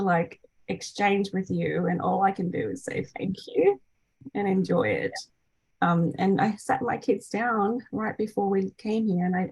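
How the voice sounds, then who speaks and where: A woman's voice: medium pitch, breathy edge, dry recording, rough recording. A woman in her thirties hosting a casual group call, chatty, with many fillers and restarts. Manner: acts out quoted voices brightly. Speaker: meeting host, energy healer.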